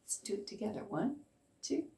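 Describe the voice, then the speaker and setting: A woman's voice: mid-range voice, very animated, brisk, creaky, warm tone. A woman in her fifties teaching a beginner ukulele lesson, encouraging and counting along with her students. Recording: echoey room, faint noise.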